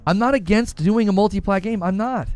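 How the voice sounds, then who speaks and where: A man's voice: high-pitched, a little fast, a little mellow, smooth, no room sound, soft background music. A man hosting a gaming news livestream, arguing his points with emphatic, preacher-like passion and reading viewer comments aloud. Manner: fiery, preacher-like emphatic delivery.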